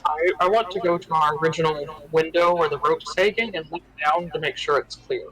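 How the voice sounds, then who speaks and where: A man's voice: a little high, brisk, poor audio. A man playing in a tabletop game, chatting casually and laughing often. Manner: giggly, playful. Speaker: player.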